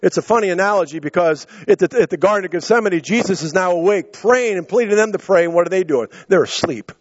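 A high-pitched man preaching to his church, winded and out of breath as he goes. He voices the quotes in his story and stammers through restarts on the way to each point. The sound is dull and muffled, as if close and dry with the highs rolled off. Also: animated, fast talker, no room sound. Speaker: pastor. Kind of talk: sermon.

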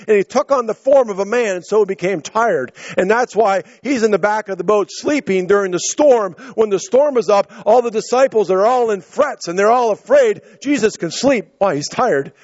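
A high-pitched man preaching to his church, winded and out of breath as he goes. He voices the quotes in his story and stammers through restarts on the way to each point. The sound is dull and muffled, as if close and dry with the highs rolled off. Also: animated, normal speed, hardly any pauses, darkish tone, dry recording. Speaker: pastor. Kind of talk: sermon.

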